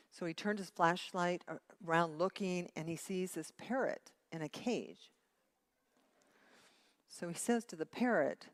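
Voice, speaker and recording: A woman's voice: deep voice, lively intonation, moderate pace. A woman assistant minister giving a casual, chatty sermon in a church, telling jokes and often breaking off and restarting her sentences. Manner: chatty, self-interrupting, tells jokes. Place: church sanctuary.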